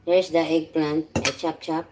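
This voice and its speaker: A woman with a low, level, somewhat dark voice hosts a laid-back live stream while cooking, speaking a little slowly. She chats playfully, greets and thanks viewers by name, and chuckles often.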